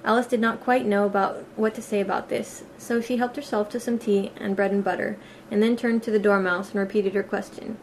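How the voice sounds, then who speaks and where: A woman narrating a storybook audiobook in a plain, steady reading voice with a few small slips. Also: mid-range voice, fairly quick, hardly any pauses, slight background noise. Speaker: audiobook reader.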